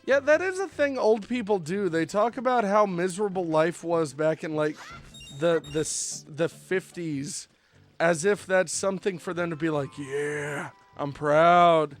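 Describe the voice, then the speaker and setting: Chatty male streamer, slightly high voice. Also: normal speed, faint music behind. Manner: rambling, animated storytelling with fillers. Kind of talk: casual gameplay chat.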